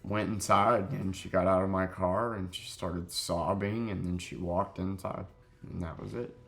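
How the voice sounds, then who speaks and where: A young man telling a sad story in a halting, grieving way, close to crying, in a confessional vlog. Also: deep voice, fairly even intonation, creaky, a bit bright, soft background music. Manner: halting, heavy with grief, self-critical. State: near tears. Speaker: vlogger.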